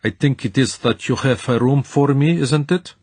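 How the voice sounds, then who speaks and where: A man's voice: medium pitch, moderate pace, a little mellow, husky, no room sound, voice pushed up, natural voice. A man voicing a bulky, stiff male businessman with a thick Central European accent and a formal manner.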